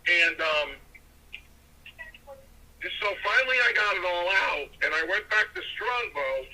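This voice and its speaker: Older man storyteller, husky and bright, lively pitch, acts out voices, phone-line sound. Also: unhurried. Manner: animated, acts out other people's lines in their voices. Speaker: guest storyteller, former pro wrestler. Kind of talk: casual storytelling on a podcast.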